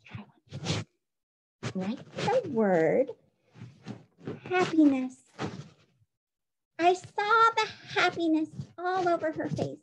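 A woman teacher giving a recorded phonics dictation lesson, playful and spelling things out clearly. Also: extremely high pitch, animated, slow pace, pauses often, fairly bright tone, low-quality recording.

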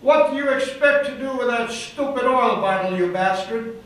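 A man voicing a foul-mouthed male demon speaking through a possessed woman, loud and menacing. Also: very high voice, slow pace, heavily acted. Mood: taunting. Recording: echoey hall from far off, faint noise.

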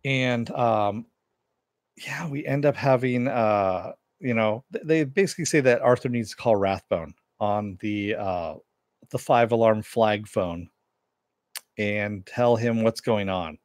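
Male reviewer, low register, dry mic, casual chatty recap with lots of "uh"s. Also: slow pace, dry recording. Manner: rambling, many "uh"s and "in the meantime"s. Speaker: TV episode reviewer.

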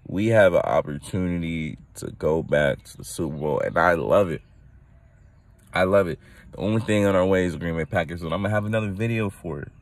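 Deep-voiced dude ranting on his podcast, hyped but tired, dry close sound. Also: brisk, dry recording. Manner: hyped, rambling, laughs at own jokes. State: tired from little sleep. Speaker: podcast host. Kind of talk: casual solo podcast rant.

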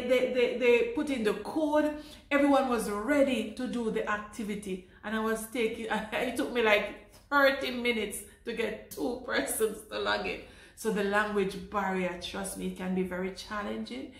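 Jamaican woman teacher, chatty vlogger, animated storyteller with easy laughs, roomy echo. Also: fairly high pitch. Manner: animated, laughing, repeats words. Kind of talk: casual vlog storytelling. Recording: echoey room.

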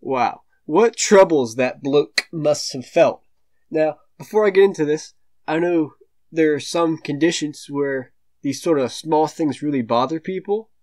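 A teenage male comedic commentator ranting in a sneering, dismissive, slangy way, with slow, drawn-out delivery. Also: a little high, darkish tone. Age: late teens. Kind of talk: satirical rant reading online posts.

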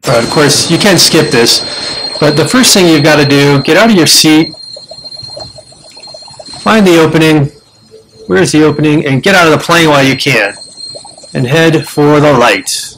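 A man's voice: a little high, moderate pace, long pauses, a little hiss or hum. Chatty American man walking viewers through a game. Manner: chatty, explains steps to viewers as he plays; breaks into loud startled exclamations. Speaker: gamer showing a survival game. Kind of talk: casual game commentary.

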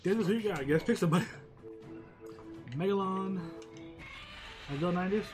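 A man co-hosting a casual game playthrough, joking, laughing often and breaking into excited exclamations. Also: sits high, brisk, faint music behind. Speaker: let's play co-host. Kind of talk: casual gameplay chat.

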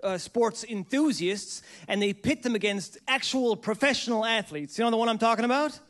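A male stand-up comedian with a hesitant, deadpan setup full of fillers. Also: very high-pitched, normal speed.

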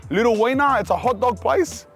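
A young man with an Australian accent hosting a casual food vlog outdoors, talking in excited slang to the viewer. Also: extremely high pitch, fairly quick, faint music behind. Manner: excited slangy banter, calls the viewer cuz and bro. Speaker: food vlogger host. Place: outdoors at street food trucks.

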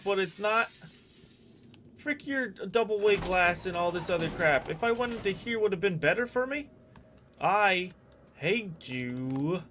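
A man streaming a horror game, jumpy and excitable, swearing and shouting at the game. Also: sits high, a little hiss or hum. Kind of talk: gameplay commentary.

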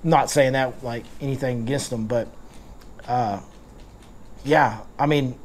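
A man's voice: mid-range voice, fairly even intonation, measured pace, a little hiss or hum. A man hosting a casual fishing seminar, telling stories and joking in Southern slang. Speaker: fishing guide and seminar host.

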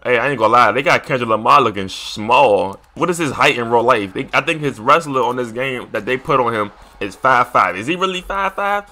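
Bright, animated young male gamer. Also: mid-range voice, brisk, hardly any pauses. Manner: excitable, shouts and trash-talks at the screen; loose slangy casual speech. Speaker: gaming YouTuber. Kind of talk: live gameplay commentary.

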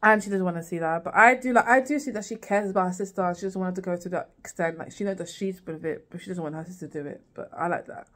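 A woman's voice: fairly low pitch, fast talker, few pauses, a bit bright. A woman recapping a TV series in a casual vlog, rambling with lots of fillers and restarts and acting out lines. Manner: rambling, many fillers and restarts, acts out quotes. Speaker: TV series reviewer.

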